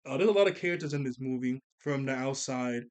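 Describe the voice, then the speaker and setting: A man's voice: medium pitch, fast talker, smooth. A man giving a casual, rambling anime film commentary, often laughing and losing his train of thought. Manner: rambling, laughs often, loose slangy delivery. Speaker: anime reviewer.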